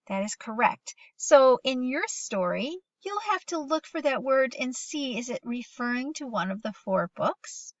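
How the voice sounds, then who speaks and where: A woman's voice: on the high side, lively intonation, no room sound, highs cut off. Patient woman teaching young children phonics. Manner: patient, encouraging, reads sentences slowly aloud.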